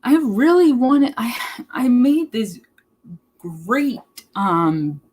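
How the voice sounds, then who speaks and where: A woman's voice: a little high, sing-song, extremely slow, a little mellow, slightly rough, low-quality recording. A woman live streaming, rambling casually to her chat in a blunt, profane way. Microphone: laptop mic.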